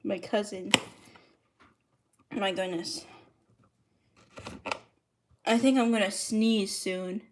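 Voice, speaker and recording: A woman's voice: mid-range voice, fairly even intonation, very slow, pauses often, background noise. A woman cooking on a livestream in her home kitchen, chatting casually as she greets viewers and reads the chat aloud. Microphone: streaming mic.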